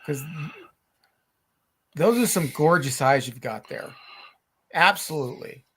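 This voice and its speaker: A middle-aged man hosting a live podcast chat, talking in halting, rambling sentences full of restarts. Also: on the high side, animated, fairly bright tone, husky. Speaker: podcast host. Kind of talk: casual live-stream chat.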